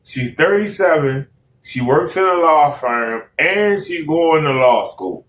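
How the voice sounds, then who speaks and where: A man hosting a reaction video, commenting in an exasperated, animated way and repeating himself. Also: fairly high pitch, slow, reverberant, recorded from a distance, slight background noise. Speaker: reaction host.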